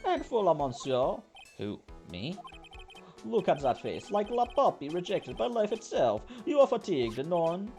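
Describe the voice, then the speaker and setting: A man voicing a flamboyant, fussy male restaurant owner in a comic fake Italian accent, high and sing-song. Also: sing-song, unhurried, vocal fry, dark tone, faint music behind, exaggerated voice. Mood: theatrical. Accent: put-on comic Italian accent.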